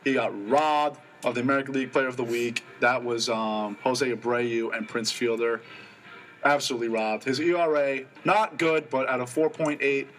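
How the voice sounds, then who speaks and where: A young man co-hosting a college radio sports show, rattling off stats quickly and eagerly. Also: mid-range voice, fairly even intonation, fairly bright tone. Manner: quick, stat-heavy, enthusiastic.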